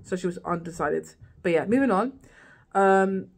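A woman's voice: medium pitch, normal speed. A woman vlogging a casual, rambling recap of a TV series, full of "like" and "girl" asides.

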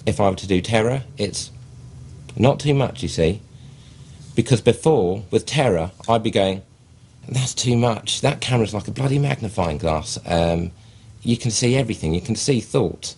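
An actor playing a deadpan, self-serious man with a husky voice, earnestly explaining his acting in a mockumentary interview, full of hesitations. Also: fairly low pitch, normal speed.

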